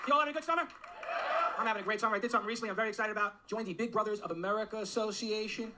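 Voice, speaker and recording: A man doing a stand-up set on a comedy club stage, firing off rapid self-mocking one-liners. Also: high voice. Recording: very noisy live club recording with crowd.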